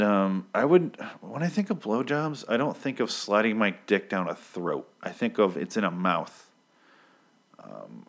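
A man giving a casual, profane recap, rambling excitedly, interrupting himself and swearing freely. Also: fairly low pitch. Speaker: comic book recap host.

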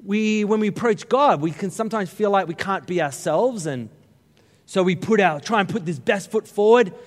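A middle-aged Australian man preaching a sermon, telling funny stories with lively, joking asides to the congregation. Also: high-pitched, moderate pace. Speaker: pastor. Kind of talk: humorous storytelling sermon. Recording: long reverb of a large hall.

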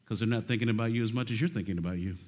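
A man's voice: lowish voice, rapid-fire, a little mellow. Emphatic preaching man, rising and falling. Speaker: conference speaker. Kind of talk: sermon. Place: conference stage.

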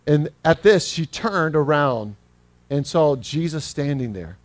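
Male pastor, fairly high voice, earnest and animated, close dry mic. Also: no room sound. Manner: earnest, acts out scripture quotes; slows down when reading scripture. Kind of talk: sermon.

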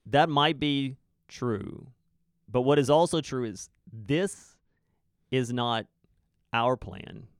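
Man, mid pitch, earnest church podcast co-host, dead-dry booth sound. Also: expressive, no room sound. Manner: earnest, probing questions, emphatic pauses.

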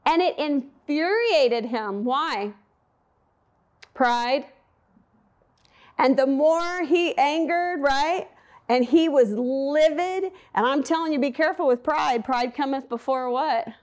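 A woman's voice: high voice, measured pace. A woman teaching a Bible lesson in a chatty sermon style. She asks her listeners questions and acts out the quotes. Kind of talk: conversational sermon.

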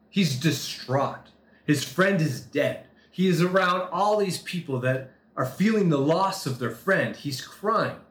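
A man preaching a sermon, talking through a scripture passage in a conversational way, with quick asides and slower, dramatic reading. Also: high-pitched, echoey room. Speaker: pastor.

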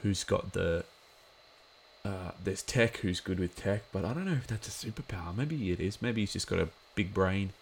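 Low gravelly man chatting along. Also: normal speed, a little hiss or hum. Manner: rambling and chatty, many filler words. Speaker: watch-along commentator. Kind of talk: casual episode commentary.

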